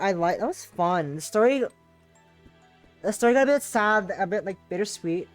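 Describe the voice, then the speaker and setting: A woman's voice: medium pitch, lively intonation, moderate pace, faint music behind. A woman streamer gushing about a visual novel she just finished, rambling with lots of restarts. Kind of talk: casual live-stream commentary.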